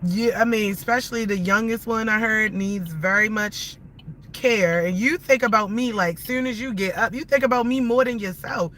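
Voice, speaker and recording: A woman's voice: a little high, normal speed, a bit bright, rough recording. Woman ranting hard from her car. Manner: profane, heated, repetitive ranting at viewers. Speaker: livestreamer. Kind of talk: angry live-stream rant. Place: inside a car while driving. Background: faint car noise.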